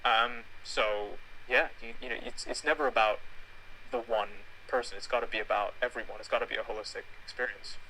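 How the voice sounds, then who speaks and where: A young man with a gravelly, forceful edge to his voice talks through ideas in an earnest, reflective way. He speaks with emphasis as a guest in a casual conversation. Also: medium pitch, steady tone, fairly quick, slight background noise, rough recording. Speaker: theatre actor and director, guest.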